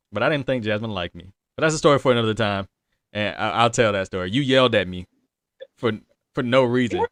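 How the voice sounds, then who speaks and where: Brief: young male podcast host, low voice, dry close mic, chatty and loose. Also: a bit bright, clear, resonant tone, no echo. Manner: laughs a lot, loose and chatty. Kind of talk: casual chat.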